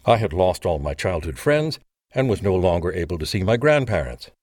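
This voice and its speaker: A man reading a memoir aloud as narrator in a measured, even style. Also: deep voice, no room sound, clean studio sound. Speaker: audiobook narrator. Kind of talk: scripted narration.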